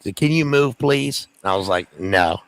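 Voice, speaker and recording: A male guest with a middle-pitched voice trades casual stories on a livestream. He delivers his jokes deadpan and dry. The recording is close and has no room sound. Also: normal speed, dry recording. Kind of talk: casual chat.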